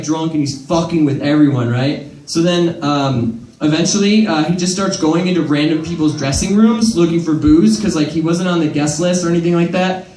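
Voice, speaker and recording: A man's voice: fairly high pitch, a little mellow, roomy sound, recorded from a distance, rough recording. A young man doing stand-up in a comedy club, telling a rambling, profane story full of fillers.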